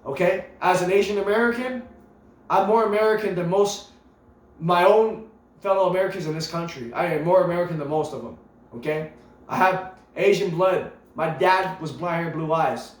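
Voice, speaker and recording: A man's voice: high-pitched, moderate pace. A man delivering an impassioned political rant to camera, emphatic and preachy, piling up rhetorical questions and repeating himself. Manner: repeats himself, stumbles into restarts. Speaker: vlogger. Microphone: camera mic. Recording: echoey room with faint music behind.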